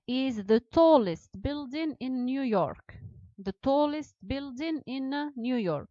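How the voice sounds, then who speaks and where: A woman teaching English grammar, repeating each example slowly and explaining it again in Arabic. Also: a little high, darkish tone, dry recording. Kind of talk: classroom grammar lesson. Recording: dull lo-fi sound.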